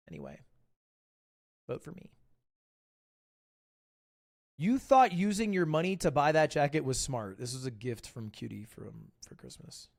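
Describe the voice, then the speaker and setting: Male stream host, joking and rambling, higher voice, swings up and down a lot. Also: vocal fry. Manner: rambling, joking, quick asides. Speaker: livestream host. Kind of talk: casual reaction-stream chat.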